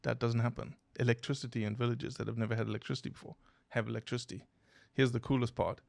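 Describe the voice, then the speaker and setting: A man's voice: mid-range voice, fast talker, gravelly, dry recording. A man, a biologist guest on a podcast, telling stories and quizzing his hosts. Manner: animated explainer, poses questions to listeners. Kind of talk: podcast interview storytelling.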